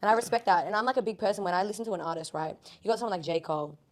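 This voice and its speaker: A woman's voice: mid-range voice, very fast. A young Australian woman, a rapper guest on a podcast, chatting casually with lots of "like" and wandering off on tangents. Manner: chatty, heavy use of "like", goes off on tangents.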